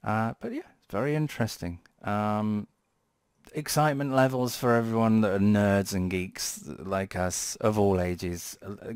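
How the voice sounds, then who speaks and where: A man's voice: low-pitched, darkish tone, clean tone, no room sound, clean studio sound. A man hosting a tech channel, chatting casually in a rambling, playful way with frequent self-corrections. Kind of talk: casual vlog commentary.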